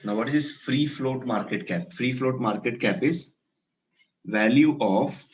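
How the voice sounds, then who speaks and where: A man's voice: medium pitch, unhurried, poor audio. A man with an Indian English accent teaches a class. He puts questions to his students, then walks through the idea step by step, switching into Hindi now and then. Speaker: lecturer. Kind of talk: classroom lecture.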